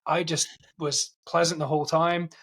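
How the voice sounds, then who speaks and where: A man whose Scottish accent has worn thin is co-hosting a film podcast. He banters, teases and swears freely. His voice sits a touch high for a man. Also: level tone, moderate pace, a bit bright. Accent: faint Scottish. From Scotland. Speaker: podcast co-host. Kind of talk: casual chat.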